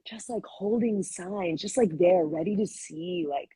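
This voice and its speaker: A young woman being interviewed as a guest, telling stories in a chatty, animated way with lots of fillers. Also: lowish voice, a little slow, breathy edge, no room sound. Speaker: voice actress guest. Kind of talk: casual live-stream interview.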